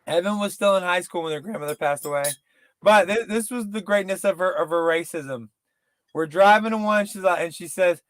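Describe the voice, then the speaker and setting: A man in casual, profane podcast chat, rambling and slipping into quick impressions. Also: sits high, a bit bright, no room sound. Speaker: podcast co-host.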